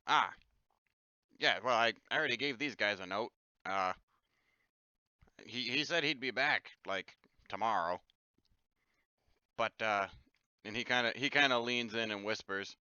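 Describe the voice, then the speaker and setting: A man narrating a tabletop game as game master, in a casual, halting way. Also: medium pitch, sharp tone, clear, resonant tone, dry recording. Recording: dull, lo-fi dry sound.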